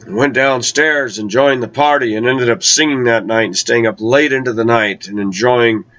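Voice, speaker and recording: A man with a lowish voice recounting a personal travel story in a chatty way. He stretches out words for emphasis. The recording sounds dull and lo-fi. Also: fairly bright tone. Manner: conversational, with slow, drawn-out emphasis.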